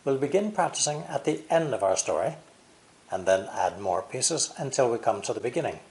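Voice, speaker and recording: An American man teaching English pronunciation, explaining clearly with deliberate, exaggerated stress. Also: mid-range voice, lively intonation, darkish tone. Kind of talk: language lesson explanation.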